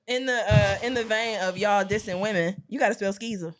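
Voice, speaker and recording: A woman's voice: medium pitch, a little fast, over a noisy crowd. A woman co-hosting a casual podcast, teasing her co-hosts and laughing often as she runs a word game. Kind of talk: casual chat.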